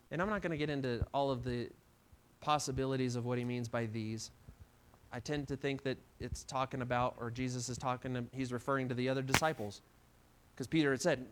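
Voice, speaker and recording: A pastor preaching a sermon, retelling a scripture story with sharp swings between hushed and loud passages and frequent repeated words. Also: male voice, medium pitch, fairly even intonation, a little fast. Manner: repeats words and restarts often.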